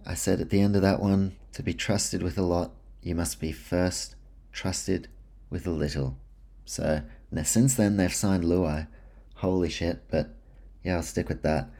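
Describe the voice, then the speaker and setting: A low, mellow-voiced man hosts a solo sports podcast in a loose, chatty way. He rattles through lists of names, jokes at his own expense and complains of a dry mouth. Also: steady tone, unhurried, vocal fry. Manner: chatty, self-deprecating, runs through name lists. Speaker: podcast host.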